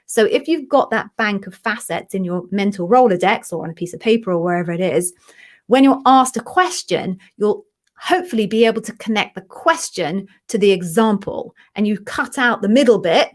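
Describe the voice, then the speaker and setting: A woman hosting a live question-and-answer stream, chatty and encouraging, openly emotional as she answers viewers. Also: mid-range voice. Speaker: livestream host, interview coach.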